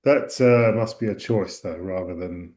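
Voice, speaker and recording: A man's voice: deep voice, measured pace, darkish tone. A middle-aged man from the Essex and London area co-hosting a casual podcast, telling anecdotes with a dry, wry humor. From Essex or London, England. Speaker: podcast co-host.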